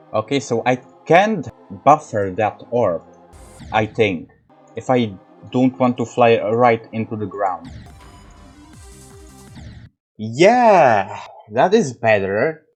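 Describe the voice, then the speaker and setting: A man's voice: medium pitch, husky. A man giving casual commentary over his own gameplay, exasperated and swearing often.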